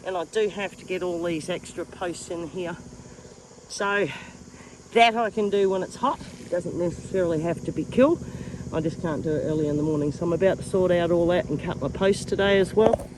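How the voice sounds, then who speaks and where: A woman's voice: fairly low pitch, a little fast, noisy background. A middle-aged woman with an Australian accent, chatting down-to-earth as she works outdoors on her farm, filming on a handheld phone. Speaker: farm vlogger. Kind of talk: casual vlog narration.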